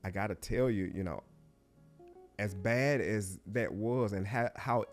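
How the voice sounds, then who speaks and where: With faint music in the background, a middle-aged guest on an interview show tells a personal story in an unhurried, lowish voice. He's heartfelt and reflective, his words often falling to a hush and halting.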